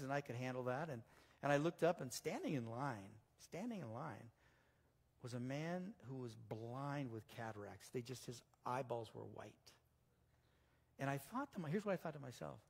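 A man's voice: mid-range voice, big-room sound. A male pastor preaching a sermon, telling stories in a conversational way with frequent restarts. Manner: storytelling, conversational, with many restarts. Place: church sanctuary.

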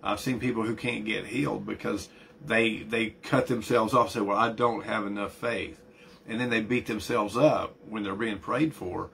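A man's voice: lowish voice, steady tone, moderate pace, vocal fry, fairly bright tone, slight background noise. A middle-aged man preaching a conversational sermon as pastor, often repeating words and building emphasis.

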